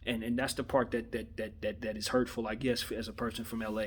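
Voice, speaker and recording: Husky-voiced man from Los Angeles. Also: lowish voice, little pitch movement, normal speed, hardly any pauses. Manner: conversational, slangy, emphatic, repeats words and restarts. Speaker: vlogger giving sports opinion. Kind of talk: casual opinion monologue.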